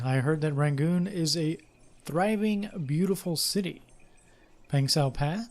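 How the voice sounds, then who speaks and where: A man's voice: on the high side, moderate pace, darkish tone. A young man playing a game, chatting casually with fillers and reading its story text aloud. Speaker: let's play host.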